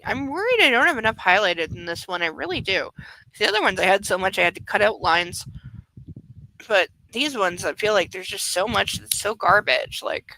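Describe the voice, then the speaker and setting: A woman's voice: mid-range voice, bright, forceful tone, a little hiss or hum, low-quality recording. A woman hosting a live-streamed book club, chatting and mocking the text with casual swearing. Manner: sarcastic, profane and chatty.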